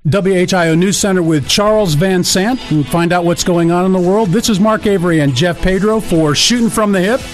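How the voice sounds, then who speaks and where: Brisk higher-voiced male radio co-host. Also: soft background music. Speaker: radio talk show co-host. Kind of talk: talk radio hosting.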